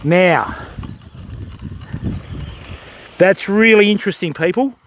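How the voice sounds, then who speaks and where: A man's voice: high-pitched, moderate pace, a little hiss or hum. An older Australian man hosting a casual fishing livestream from a beach, greeting viewers as mate and bud. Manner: chatty, greets viewers by name, calls them mate and bud. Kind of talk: casual live commentary. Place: outdoors on a beach.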